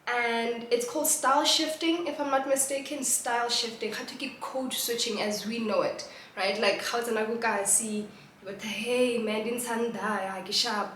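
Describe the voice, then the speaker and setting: A young woman with a South African accent talks casually about language, sliding between English and Setswana and breaking into laughs. Her voice sits on the high side. The room gives it a noticeable echo, with faint ambient noise underneath. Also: steady tone, normal speed, fairly bright tone. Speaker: host. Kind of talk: casual talk explaining sociolinguistics. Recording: roomy echo.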